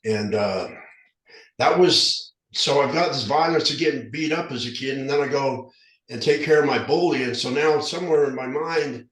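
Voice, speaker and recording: Podcast guest: man around fifty from southern Utah, slight denture lisp, earnest and rambling, average pitch, recorded in a roomy space. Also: moderate pace. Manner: earnest, rambling, frequent restarts. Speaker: podcast guest, recovery specialist. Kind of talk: candid storytelling in an interview. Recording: roomy echo.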